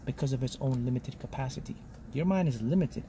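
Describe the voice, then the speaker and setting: A man's voice: mid-range voice, brisk, background noise. A man giving a motivational talk as a spiritual mentor, speaking in short, emphatic statements and often checking in with "okay?". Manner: lectures in short punchy statements.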